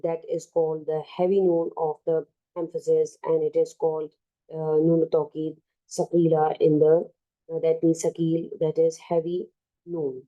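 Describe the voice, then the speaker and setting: A woman with a South Asian English accent teaching an online Arabic grammar lesson, explaining slowly with many fillers and restarts. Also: sits low, level tone, mellow, dull audio.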